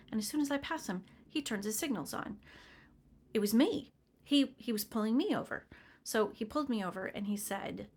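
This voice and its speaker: A woman's voice: mid-range voice, a little fast, vocal fry. A woman in her forties, chatty and self-deprecating, telling a personal story in casual vlog style. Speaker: vlogger.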